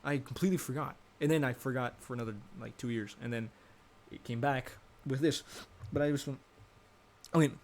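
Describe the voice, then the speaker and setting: A man's voice: medium pitch, a little fast. A young adult man giving casual, rambling commentary, thinking aloud and correcting himself as he goes. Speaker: vlogger.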